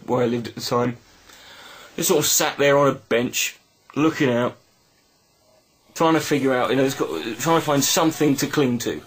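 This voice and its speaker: A man telling a personal story in a reflective video monologue, halting and earnest with many restarts. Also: mid-range voice, slightly rough. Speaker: video blogger.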